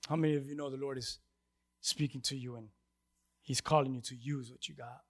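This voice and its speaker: A pastor preaching to his congregation, swinging between loud emphatic lines and hushed passages. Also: medium pitch, steady tone, fairly quick, pauses often. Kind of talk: sermon.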